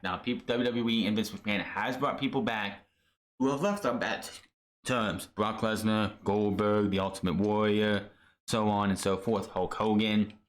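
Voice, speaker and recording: A man hosting a wrestling podcast, ranting casually with lots of swearing and stumbling restarts over names. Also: lowish voice.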